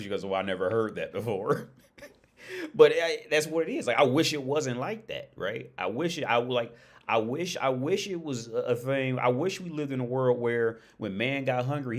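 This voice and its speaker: A young man talking on his own livestream in a loose, rambling monologue. He stumbles and restarts often, repeating words, and swears freely. His pitch sits in the middle range. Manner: rambling, repetitive restarts, profane. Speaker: livestream host.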